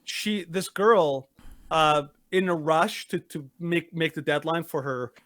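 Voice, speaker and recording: Man, podcast co-host, somewhat high voice, rambling emphatic chat, dry close sound. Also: slow pace, fairly bright tone, no echo. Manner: rambling, searches for words, emphatic. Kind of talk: casual opinionated chat.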